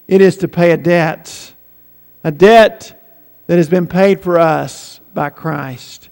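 A man preaching a sermon, emphatic and slowing right down on key phrases. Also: a little high, vocal fry, darkish tone. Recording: long reverb in a big room.

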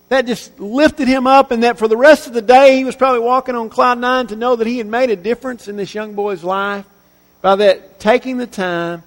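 A man preaching a sermon in a church, earnest and emphatic, repeating key phrases and letting his sentences fall away to quiet endings. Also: very high-pitched. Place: church sanctuary. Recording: long reverb of a church hall.

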